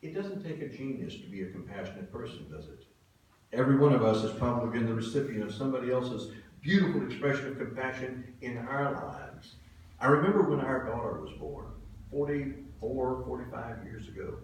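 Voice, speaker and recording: A man in his seventies, a pastor delivering a sermon, telling stories earnestly and swinging between soft and loud. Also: medium pitch, fairly quick, far from the mic. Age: 70s. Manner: earnest storytelling, swelling and dropping in volume. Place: church sanctuary. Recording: very echoey hall from afar, faint hiss.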